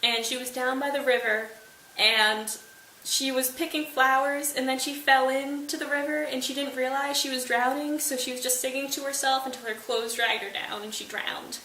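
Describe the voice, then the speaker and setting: A woman's voice: sits high, fairly even intonation, moderate pace, bright, forceful tone, voice pushed up. A woman voicing a distraught queen who recounts bad news in a dramatic, breathless way. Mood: mournful. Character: distraught queen, mother figure. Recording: roomy, distant mic, faint hiss.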